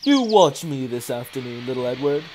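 A man's voice: medium pitch, very animated, moderate pace, background noise, natural voice. A man voicing a big, proud, boastful express engine who grumbles crossly when things go wrong, in a storybook reading with music and birdsong behind. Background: soft background music and birdsong.

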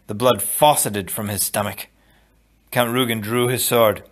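A man reading a novel aloud in a steady, measured narration. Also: lowish voice. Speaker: audiobook reader. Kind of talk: storybook read-aloud.

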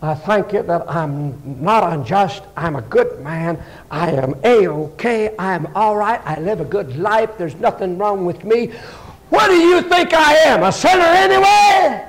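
A man's voice: high voice, voice pushed down, rough recording. A man preaching a sermon, acting out a self-righteous Pharisee who boasts about being a good man.

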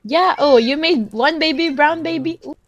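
A young Filipino woman with a Filipino accent, giving profane, dramatic commentary and shouting at animals in a game. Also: high-pitched, moderate pace. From Philippines. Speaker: gamer. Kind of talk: casual gameplay commentary.

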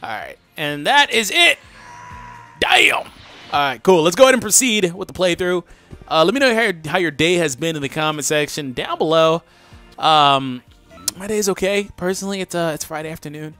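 A young man hosting a let's play, chatting casually to viewers and reacting loudly to the game, his voice groggy today. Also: a little high, sing-song, moderate pace, clear, resonant tone, faint music behind. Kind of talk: casual gameplay commentary.

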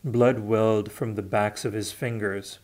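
A man reading a novel aloud unrehearsed, in a measured, unhurried way. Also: fairly low pitch, fairly even intonation, a little mellow. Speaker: audiobook reader. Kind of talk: unrehearsed audiobook narration.

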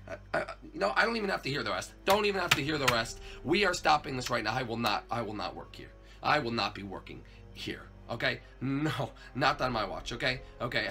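A man's voice: medium pitch, pushed and bright. A man voicing a jittery failed cop turned night guard in a hobby plush video, stammering and repeating himself in panic. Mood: panicked.

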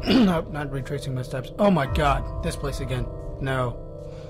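A man's voice: mid-range voice, measured pace, over music. A man nervously stammering and muttering through commentary on a horror game he is playing.

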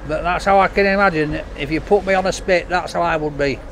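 High-voiced joking man on a street. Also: quick pace, a bit bright, slight background noise. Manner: jokey, banters with his cameraman. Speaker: takeaway food reviewer. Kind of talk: casual vlog chat to camera. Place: outdoors on a street by a takeaway.

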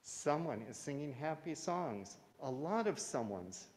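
A man voicing an excitable little fairy in a high, delighted voice, recorded in a reverberant hall. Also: unhurried. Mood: excited.

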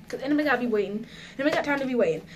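A woman's voice: sits high, animated, very fast, a little hiss or hum. A woman chatting casually in a home vlog, giggly and nervous, talking straight to her viewers. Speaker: vlogger. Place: at home indoors.

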